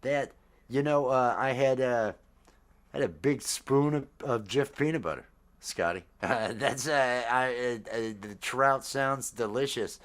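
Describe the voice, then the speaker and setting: A man in his fifties hosting a casual chat, rambling with halting fillers and frequent laughs. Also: medium pitch, fairly bright tone. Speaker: podcast host.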